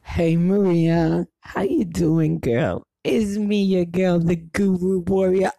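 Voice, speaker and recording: A woman's voice: fairly low pitch, slow pace, vocal fry, mellow, dry recording. A woman leaving a chatty, familiar voice message for a podcast host. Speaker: caller. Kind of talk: recorded voice message.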